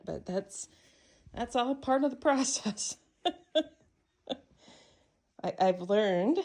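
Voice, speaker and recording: A woman filming a casual vlog while looking after her cats, speaking softly, cooing to them and pausing often with fillers. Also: lowish voice. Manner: hesitant, with many fillers. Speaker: cat caretaker.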